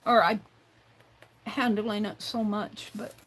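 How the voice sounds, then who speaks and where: In this casual craft demonstration, the livestream host works with her hands and thinks out loud at a relaxed pace, occasionally talking to herself in the third person. Her pitch is medium and fairly steady, and her tone is fairly bright. Sound quality is poor, with a little noise in the background.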